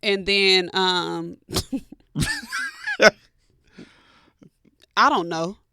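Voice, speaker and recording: A woman co-hosting a radio podcast in casual chat, playful and quick to laugh. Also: on the low side, steady tone, vocal fry, bright, forceful tone, clear, resonant tone, no echo, studio quality. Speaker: co-host.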